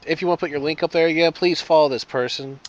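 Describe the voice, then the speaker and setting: A man's voice: a little high, steady tone, fast, highs cut off. Upbeat man hosting a chat. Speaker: host. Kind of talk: casual interview chat.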